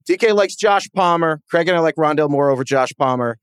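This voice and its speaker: A man co-hosting a sports podcast in casual chat, animated and chatty and quick to laugh at himself. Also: fairly high pitch, clear, resonant tone, dry recording, clean studio sound. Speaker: podcast co-host.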